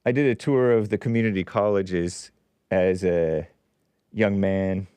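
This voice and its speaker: With no room sound, a low-pitched, clean-toned man reads a news story on his own show at an unhurried pace. The host breaks in with sarcastic remarks, his voice rising and falling animatedly.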